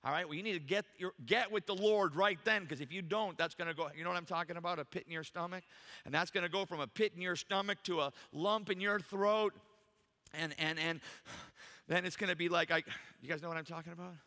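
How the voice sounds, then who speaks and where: A man's voice: high voice, fairly even intonation, fast talker, bright, forceful tone, long reverb tail. A man preaching a sermon in a church, emphatic and full of rhetorical questions to the congregation. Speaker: pastor. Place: church sanctuary.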